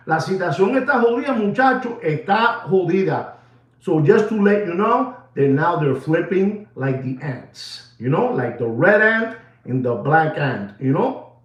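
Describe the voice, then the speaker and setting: A high-pitched man rants in a rambling, excitable comic style, hosting a watch market show. He sounds distant and echoey, with a dull, muffled recording. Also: moderate pace. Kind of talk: comic rant.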